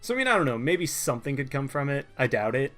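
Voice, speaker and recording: A man co-hosting a casual card game review, loud and joking in easy banter. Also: medium pitch, very animated, fast talker, faint music behind. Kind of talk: casual chat.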